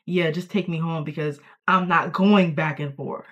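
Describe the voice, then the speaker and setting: A young woman vlogging in a casual, playful, self-mocking way, reacting to her old online posts with sudden jumps in pitch and loudness. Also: fairly even intonation, normal speed, dull audio.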